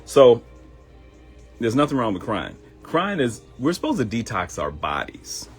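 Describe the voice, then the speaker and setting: A man's voice: medium pitch, huge pitch swings, measured pace, soft background music. A man hosting a live morning show, giving advice in a conversational, joking way. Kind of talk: casual livestream monologue.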